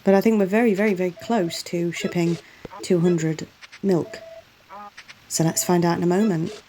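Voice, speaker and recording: A woman's voice: lowish voice, fairly even intonation, normal speed, dark tone, slight background noise, poor audio. A woman host doing a chatty voiceover for a game playthrough, often exclaiming in exasperation at herself. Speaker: gaming channel host.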